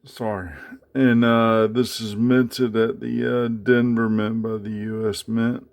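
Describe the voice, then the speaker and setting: A man casually talking through his coin collection in a home vlog, halting with many fillers as he handles each piece. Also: medium pitch, flat delivery, gravelly. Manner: unhurried, many fillers, speaks haltingly while handling items. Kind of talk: casual show-and-tell vlog.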